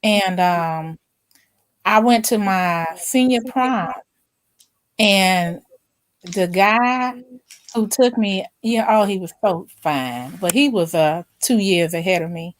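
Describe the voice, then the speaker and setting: Woman telling lively stories, dry sound. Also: medium pitch, slow pace, no room sound. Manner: animated storyteller, acts out quotes. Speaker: host. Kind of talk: casual chat.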